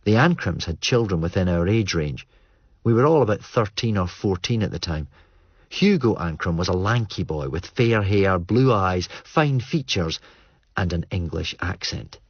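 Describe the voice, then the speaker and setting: A man narrating an audiobook in a measured, understated way. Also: low voice, expressive, slightly rough, no echo. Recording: muffled dry studio read.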